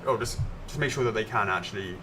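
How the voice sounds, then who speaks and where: A man's voice: on the low side, fast, background noise. A man co-hosting a live stream, casually chatting and answering viewer comments aloud. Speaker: livestream co-host.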